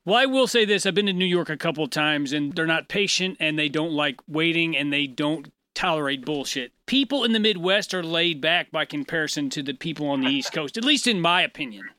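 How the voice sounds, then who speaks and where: A man's voice: a little high, expressive, fairly quick, hardly any pauses, bright, forceful tone, clean tone, dry recording. A man co-hosting a casual chat, laid-back and blunt.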